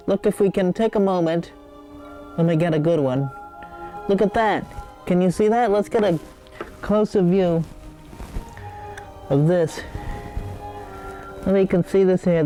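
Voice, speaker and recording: A man's voice: high-pitched, warm tone. A man hosting a comedic cooking show, rambling and digressing with many hesitations.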